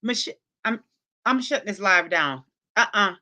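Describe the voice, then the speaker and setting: A woman hosts a casual livestream, speaking directly to her chat and scolding viewers in exasperated bursts. Her voice is medium-pitched, expressive and slightly slow, with a sharp tone and some distinctive features in her speech.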